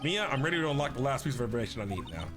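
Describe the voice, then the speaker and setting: Nervous young attorney, male streamer, low and soft. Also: big pitch swings, very fast, natural voice. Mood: earnest. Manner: dropped, low mumbling put-on voice. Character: young male defense lawyer, earnest and nervous. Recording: game music behind.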